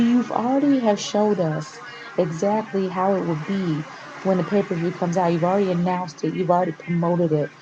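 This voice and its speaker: A woman vlogger rants to camera with passion and exasperation, rambling and restarting as she goes. Her voice sits on the low side and sounds dull and lo-fi. Steady background noise runs under the whole recording. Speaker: wrestling vlogger. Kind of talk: casual opinion rant to camera.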